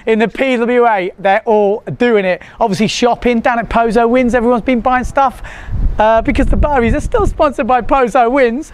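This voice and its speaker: A man's voice: very high voice, a little hiss or hum. A man hosting a casual vlog, chatting to the camera in a joking, rambling way. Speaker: vlog host.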